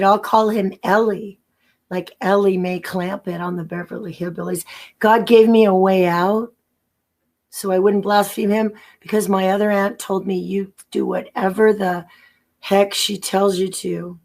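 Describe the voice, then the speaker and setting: A woman guest tells her own story in an interview. She rambles, restarts her sentences often, and acts out the voices of people she remembers. Her voice sits at a middle pitch. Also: flat delivery, a little mellow. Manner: rambling, halting, with many restarts and acted-out quotes. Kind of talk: personal testimony.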